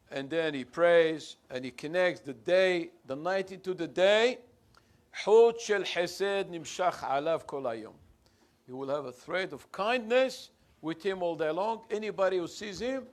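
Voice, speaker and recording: A man preaching as a visiting rabbi in a synagogue. He tells stories animatedly and quotes Hebrew and Aramaic texts, translating them as he goes. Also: on the high side. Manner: animated storyteller, voice rising and falling. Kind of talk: sermon with storytelling.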